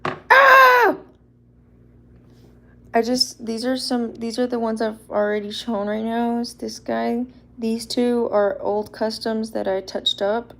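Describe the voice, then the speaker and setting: A young woman talks in a casual livestream ramble, bubbly but a little shy and quick to laugh. Her middle-pitched voice has a gravelly, fry-laced edge. Faint room noise hums behind her. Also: flat delivery, a little mellow. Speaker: livestream host showing custom toy figures.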